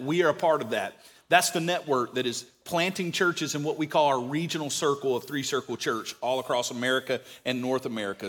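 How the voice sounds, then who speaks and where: A man's voice: mid-range voice, a bit bright. A man speaking as the church's pastor, enthusiastically introducing a guest speaker from the stage. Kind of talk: sermon introduction.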